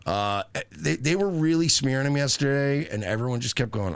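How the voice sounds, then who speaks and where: A man's voice: medium pitch, normal speed, no echo. A man co-hosting a podcast, telling stories in profane, casual political banter. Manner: animated storytelling, profane. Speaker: podcast co-host.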